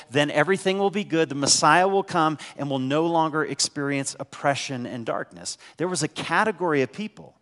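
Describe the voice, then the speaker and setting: The pastor's voice sits fairly high and sounds a bit bright as it fills the large hall of the sanctuary. Despite a head cold, he preaches in a conversational way, posing rhetorical questions to the congregation.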